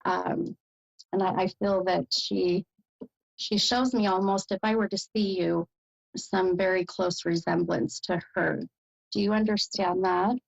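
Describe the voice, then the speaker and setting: A woman's voice: medium pitch, steady tone, measured pace, vocal fry, highs cut off. An American woman hosting a psychic reading as a medium, speaking hesitantly with many fillers and bursts of delight.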